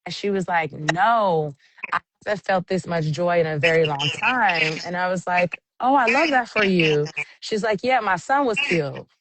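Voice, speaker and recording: Lively woman MC telling stories. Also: on the low side, moderate pace. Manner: animated storyteller, acts out quotes. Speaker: event MC, guest. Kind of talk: casual storytelling interview.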